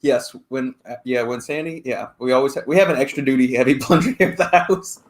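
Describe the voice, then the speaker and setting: A man's voice: mid-range voice, brisk. A man making dry, wisecracking asides in a casual live chat. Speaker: co-host.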